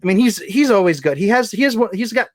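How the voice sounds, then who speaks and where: A man's voice: high-pitched, expressive, fast talker, crowd noise. A man chatting casually in a film discussion, joking and rambling with frequent restarts. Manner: jokey, rambling, lots of restarts. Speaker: podcast guest.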